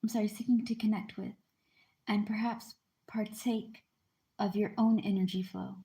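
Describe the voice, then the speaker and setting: A woman with a warm, mellow voice reads aloud from a book at an easy pace. She keeps the tone informal and chatty, breaking in with her own explanations and small apologies. Her pitch sits in an ordinary middle range. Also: fairly even intonation, normal speed, vocal fry. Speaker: channel host reading a book aloud. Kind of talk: casual read-aloud with chatty asides.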